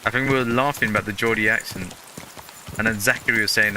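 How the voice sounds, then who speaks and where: Low-voiced man rambling over gameplay. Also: steady tone, quick pace, background noise. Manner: rambling, full of fillers and restarts. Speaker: gaming channel host. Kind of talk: casual gameplay commentary.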